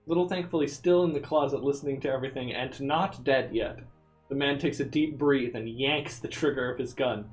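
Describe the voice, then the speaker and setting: A man's voice: mid-range voice, fast. A man reads a text adventure game aloud on a live stream, casual and amused, dropping in offhand remarks as he goes. His voice sits in the middle range, and faint music plays in the background. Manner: casual, amused, with frequent laughs.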